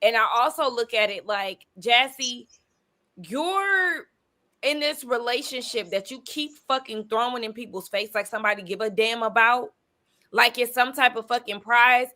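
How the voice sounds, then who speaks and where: A woman on a recap panel gives blunt, profane opinions. Her voice is high and very bright, and she lands each point with force. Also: normal speed. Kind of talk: casual opinionated chat.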